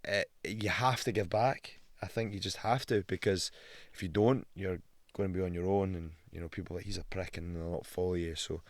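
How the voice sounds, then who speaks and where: Low-voiced Scottish man telling stories. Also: fairly quick, hardly any pauses, no echo. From Scotland. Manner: animated storyteller, swears a lot, acts out quotes. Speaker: guest, pro fighter. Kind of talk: casual podcast chat.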